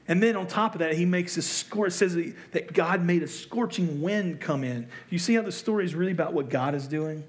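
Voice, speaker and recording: A male pastor preaching in an easy, conversational way, with a voice pitched a little higher than most men's. He pokes fun at himself and keeps turning rhetorical questions on the congregation. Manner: conversational, self-deprecating, asks the audience rhetorical questions. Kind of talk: sermon.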